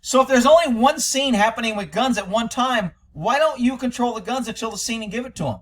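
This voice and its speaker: A man's voice: very high voice, a little fast, fairly bright tone. A man giving critical commentary on an interview recording, blunt, sarcastic and scornful, sometimes swearing. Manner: profane. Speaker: commentator reacting to interview audio.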